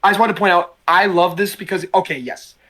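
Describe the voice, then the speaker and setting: A man co-hosting a casual podcast, telling stories with excitement and swearing freely. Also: high voice, quick pace. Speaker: podcast co-host. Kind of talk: casual chat. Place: call with co-hosts.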